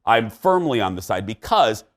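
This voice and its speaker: A man's voice: lowish voice, sing-song, moderate pace. A middle-aged man hosting a talk show, giving his opinions in a fired-up, emphatic way.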